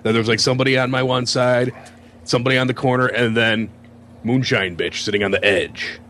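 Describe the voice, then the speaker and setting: A man telling a profane story in casual chat, shouting out the quoted lines of others. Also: medium pitch, steady tone, fairly quick, slight background noise.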